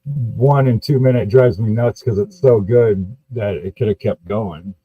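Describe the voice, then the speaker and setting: A man's voice: fairly low pitch, unhurried, husky, dry recording. A man hosting a casual podcast interview, asking questions in a loose, swearing, easy-laughing way. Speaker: podcast host. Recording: dull, dry lo-fi sound.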